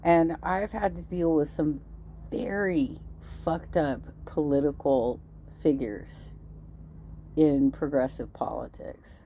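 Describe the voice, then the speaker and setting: A woman's voice: sits low, takes it slowly, dark tone, a little hiss or hum. A woman hosting reaction commentary, blunt and cutting, often sarcastic. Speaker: commentary channel host.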